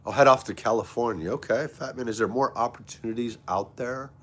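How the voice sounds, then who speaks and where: A man with a medium-pitched, fairly bright voice talks fairly quickly as he hosts a casual livestream. He's friendly, reading the chat aloud and greeting viewers by name as he chats with them.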